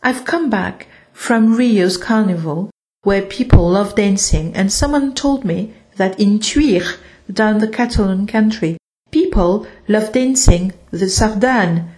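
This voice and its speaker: A woman voicing a friendly, chatty male parrot in a storybook, bright and talkative. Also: mid-range voice, slow pace, lightly acted.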